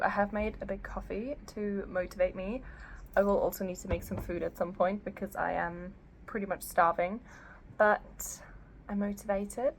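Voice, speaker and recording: A woman's voice: medium pitch, a little hiss or hum, rough recording. A young adult woman vlogging casually to camera about her reading, chatty and rambling, with lots of "like" and some blunt swearing. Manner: chatty, rambling, heavy use of "like". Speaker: book vlogger. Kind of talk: casual vlog chat to camera.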